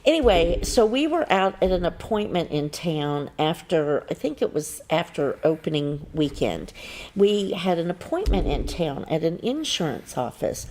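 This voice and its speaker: A middle-aged woman co-hosting a local morning show, telling a story with lively quoted voices. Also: a little slow, a little hiss or hum. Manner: animated storyteller, jumps up in pitch acting out quotes. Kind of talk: casual chat, telling a funny story.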